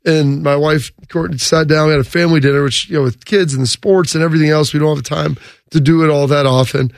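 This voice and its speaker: A man's voice: on the high side, fast, gravelly, no echo, clean studio sound. A man in his thirties co-hosting a sports radio show, telling a story in casual chat and acting out the quotes. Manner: animated storyteller, acts out quotes. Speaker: radio co-host. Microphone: studio microphone.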